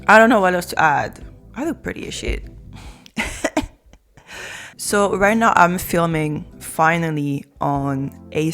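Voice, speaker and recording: A young woman talks into her camera with a very low, hoarse voice roughened by a sore throat. She rambles playfully and pokes fun at herself in a loose vlog chat, with faint music in the background. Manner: rambling, playful, self-mocking. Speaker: YouTuber.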